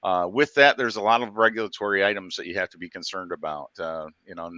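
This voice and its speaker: A man answers interview questions in a measured, explanatory way, pausing on frequent ums. His voice is low-pitched yet bright and forceful, recorded dry and close. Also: dry recording, lo-fi sound. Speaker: guest, drone regulatory affairs director.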